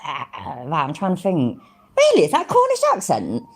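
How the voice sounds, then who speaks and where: A woman's voice: deep voice, wildly swooping pitch, normal speed, breathy edge. A woman from Middle England, chatting casually on a live stream, easily amused and laughing often. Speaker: streamer reacting to videos and chat.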